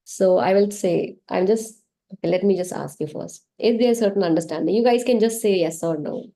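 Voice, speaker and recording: Indian English woman, session host; mellow voice, chatty and animated, laughing through her teaching stories. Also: mid-range voice, brisk. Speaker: meditation session host and healer. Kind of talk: casual spiritual teaching on a live online session. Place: online live session.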